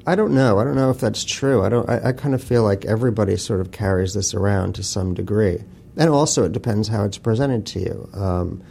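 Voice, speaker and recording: Guy with a dark low voice, author on an interview, swears a lot, dry wry stories. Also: vocal fry, a little hiss or hum. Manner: blunt, profane, wry storytelling. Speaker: author guest. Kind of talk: casual interview talk.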